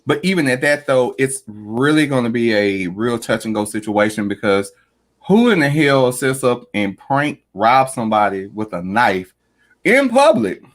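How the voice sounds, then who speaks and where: Animated podcast host, lively pitch. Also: male voice, moderate pace. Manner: animated, swearing, laughs often. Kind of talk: casual group chat.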